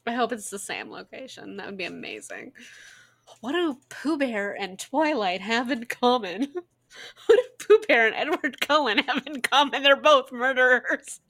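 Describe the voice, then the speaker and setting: A woman in casual reaction commentary, picking apart a film with sarcastic asides and plenty of swearing. Her voice sits on the higher side and jumps around with animated expression. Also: normal speed.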